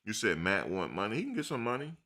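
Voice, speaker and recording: A man's voice: fairly low pitch, big pitch swings, fast talker, sharp tone. A man hosting a live chat, talking loosely and animatedly, full of slang and "dude". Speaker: live stream host. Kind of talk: casual live chat commentary.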